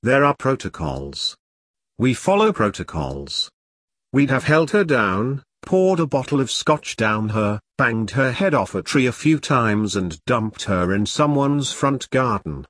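A man's voice: mid-range voice, very animated, measured pace, fairly bright tone, no echo, clean studio sound. A man voicing a pompous, furious leader of a secret order who barks insults. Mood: raging. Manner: ranting, barking insults.

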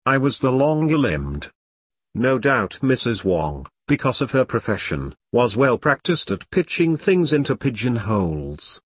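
A man narrates a story in a measured, even way, speaking the punctuation marks aloud. His voice is husky, and it is recorded close and dry with no room sound. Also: mid-range voice, no room sound.

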